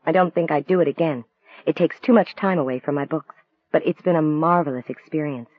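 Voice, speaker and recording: A man reading the lines of a gentle, wistful woman novelist in a soft, earnest voice, raising his pitch for her. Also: fairly quick, no room sound, lightly acted. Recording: dry, tinny phone-like sound.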